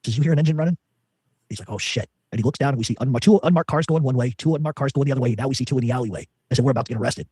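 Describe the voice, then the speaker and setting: A man's voice: mid-range voice, very fast, warm tone, breathy edge, dry recording. A man telling a long rambling story as an interview guest, full of fillers and quoted dialogue.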